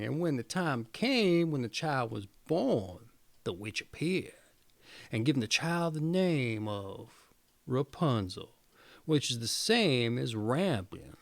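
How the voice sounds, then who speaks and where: A man reading a fairy tale aloud in an expressive, swooping storytelling manner. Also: medium pitch, takes it slowly, vocal fry.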